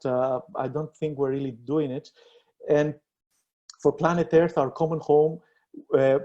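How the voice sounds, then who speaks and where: A man presenting a policy proposal in an online debate, earnest and halting, with many fillers and restarts. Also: fairly high pitch, mellow, highs cut off.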